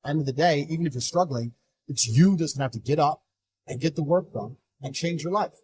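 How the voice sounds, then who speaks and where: A man giving an interview, talking in a blunt, forceful, emphatic way. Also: fairly high pitch, a little fast, slightly rough. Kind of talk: motivational interview talk.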